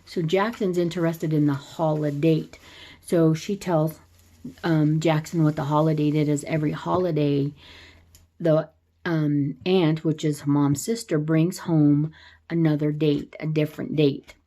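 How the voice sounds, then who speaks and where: Low, mellow-voiced woman recapping a movie. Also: steady tone, unhurried. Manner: rambling, with frequent restarts and self-corrections; chatty, laughs while retelling. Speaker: movie reviewer. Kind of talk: casual spoken movie recap.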